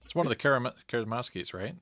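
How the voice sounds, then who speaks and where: A man chiming in on a podcast chat with quick jokes and short interjections. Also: mid-range voice, expressive, crowd noise. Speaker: podcast co-host. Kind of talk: casual chat.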